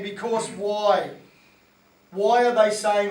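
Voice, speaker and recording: A New man gives an animated motivational talk to fellow coaches, slipping into voices as he goes. His voice sits high for a man. The sound echoes around the room, and the mic is set back from him. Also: normal speed, far from the mic. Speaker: sports coach and presenter.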